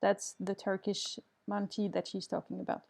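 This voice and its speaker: Mellow-voiced woman teaching English. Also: medium pitch, little pitch movement, moderate pace, creaky. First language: French. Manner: reads student answers aloud and comments kindly; switches to French to correct mistakes. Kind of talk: online class with students.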